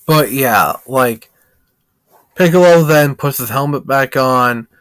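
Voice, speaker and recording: A man's voice: mid-range voice, slow, a bit bright, clean tone, no room sound. A man reviewing a film in a casual, rambling plot recap, heavy with filler words.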